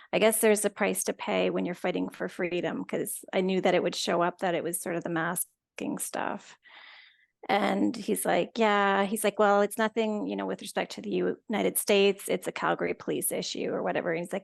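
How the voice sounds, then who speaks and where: A woman, a guest, retelling a personal story in a chatty, animated way with lots of quoted dialogue. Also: mid-range voice, vocal fry. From Canada. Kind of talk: casual storytelling.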